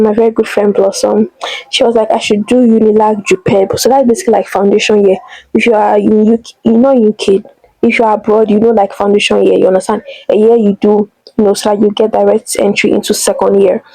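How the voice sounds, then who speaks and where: A young Nigerian woman vlogging about her own life, her voice a little higher than most and mellow rather than bright. She rambles and exclaims, piling on fillers as she talks straight to the camera. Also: dry recording, low-quality recording. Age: young adult. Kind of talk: personal vlog confession.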